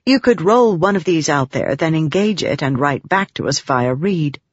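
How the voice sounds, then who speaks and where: A gracious, measured noblewoman who patronizes scholars, as a woman reads her in an audiobook. Her low voice moves freely in pitch. The sound is dry and a bit dull. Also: expressive, husky, dry recording. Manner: gracious, measured, explaining patiently. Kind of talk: audiobook character reading. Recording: dry, slightly muffled recording.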